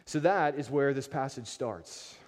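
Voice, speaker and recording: A pastor preaching a sermon, animated and emphatic, often repeating words as he builds a point. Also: medium pitch, unhurried. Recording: long reverb of a large hall.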